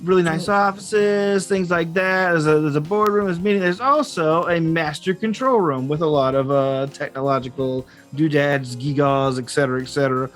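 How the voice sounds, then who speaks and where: A man's voice: fairly high pitch, moderate pace, few pauses, a bit bright, faint music behind. A man narrating a tabletop game as game master, rambling with fillers and restarts.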